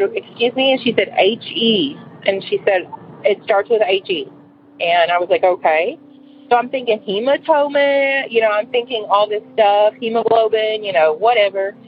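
A woman in her forties calling in to tell a personal story, rambling and emotional with many fillers. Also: mid-range voice. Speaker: caller. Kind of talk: telling a personal story on a call-in show. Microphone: phone. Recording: tinny phone line with faint hiss.

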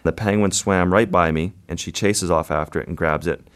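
A man with a deep, low voice recounts an adventure in the water as an interview guest. He tells it vividly and without hurry. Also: steady tone. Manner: vivid, unhurried storyteller. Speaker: wildlife photographer guest. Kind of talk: storytelling interview.

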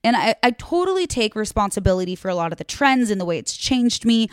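A young woman from the Midwest rants casually to her viewers. She talks in a blunt, chatty way and swears freely. Her voice sits at an ordinary middle pitch, and the sound is dry with no room echo. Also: very animated, fast talker, clean tone. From American Midwest. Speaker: vlogger. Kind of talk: casual rant to camera.

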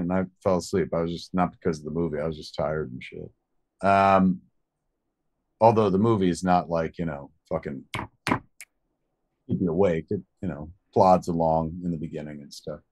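A man with a slightly low voice tells a story on a podcast, rambling and swearing freely. His delivery is casual and animated. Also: normal speed. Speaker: podcast co-host.

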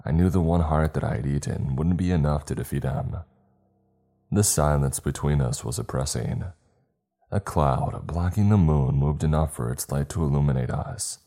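A man narrating a scary story in the first person, steady and dramatic. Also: very deep voice. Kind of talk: scripted horror story narration.

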